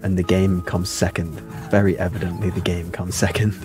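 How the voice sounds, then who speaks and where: A man's voice: low-pitched, level tone, moderate pace, over music. A young man chatting casually on a game livestream into a desk mic, rambling and cutting himself off mid-thought. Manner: rambling, self-interrupting, chatty. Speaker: game streamer.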